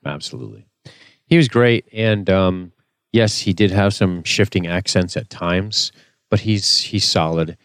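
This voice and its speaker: A man co-hosting a casual TV recap chat, answering in a low-key, measured way. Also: clean tone, no room sound. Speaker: podcast co-host.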